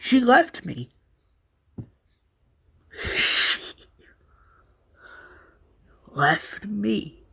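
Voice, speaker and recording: A man voicing an angry, grieving adult brother who yells and stammers. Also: high-pitched, big pitch swings, extremely slow, gravelly, pauses often, slightly rough, voice pushed up, full character voice. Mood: grieving anger. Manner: yelling, stammering, bitter.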